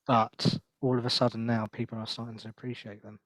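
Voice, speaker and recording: Male co-host, mid pitch, dry close sound, easy casual reading. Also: little pitch movement, a little fast, fairly bright tone, no room sound. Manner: short agreeing replies, reads letters aloud. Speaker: podcast co-host. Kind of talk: casual car chat.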